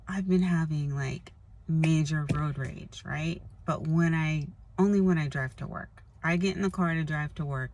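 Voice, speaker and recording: A woman's voice: deep voice, dry recording. A woman vlogger talking casually and earnestly to camera, rambling with lots of "like" and "you know.". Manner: earnest, confessional. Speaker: spiritual vlogger. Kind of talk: casual spoken monologue.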